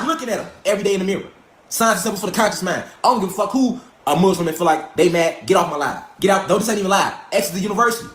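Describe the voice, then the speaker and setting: A middle-aged man lectures his online followers in a fervent, profane monologue, talking straight at them. His voice sits fairly high for a man. The room around him rings with echo. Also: a bit bright. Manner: preachy, emphatic, profane, addresses listeners as y'all. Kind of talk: fringe conspiracy monologue. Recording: echoey room.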